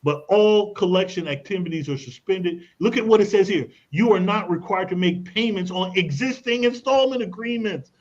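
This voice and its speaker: Male radio guest expert with a high-pitched voice; pushy, persuasive delivery peppered with slang, heard on a muffled broadcast. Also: moderate pace, few pauses, darkish tone. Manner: emphatic, persuasive, casual slang. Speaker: credit and tax expert guest. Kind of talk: radio talk show guest explaining. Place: radio studio.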